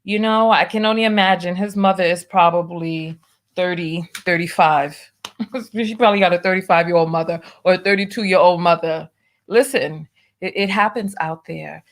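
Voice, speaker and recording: Female host, animated commentary voice, preachy tone, reads donations aloud. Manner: lively, preachy, drawn-out emphasis with big pitch swings. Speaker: show host. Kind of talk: commentary and reading viewer donations.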